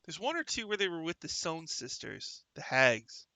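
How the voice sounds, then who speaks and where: Gravelly, bright-voiced male stream host. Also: on the high side, sing-song, normal speed, no room sound. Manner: rambling, hesitant, many fillers and restarts; reads viewer comments aloud. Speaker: livestream show host. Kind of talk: casual chat.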